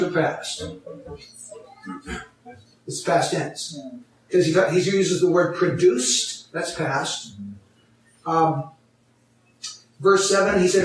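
A pastor delivers a teaching sermon, walking through a Bible passage step by step and putting questions to his congregation. His voice leans high, with a slight hiss or hum in the audio. The recording sounds like an echoey hall with the mic placed far away.

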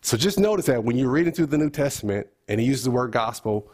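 Husky man leading a bible study. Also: medium pitch, lively intonation, fast, darkish tone. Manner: thinking aloud, asks the group questions.

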